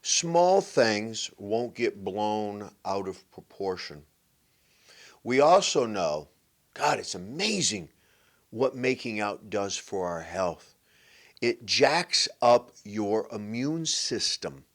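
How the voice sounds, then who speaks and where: A man's voice: on the low side, big pitch swings, slow, fairly bright tone. A man hosting a relationship advice show, talking playfully and emphatically, joking and repeating his points. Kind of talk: animated monologue to camera.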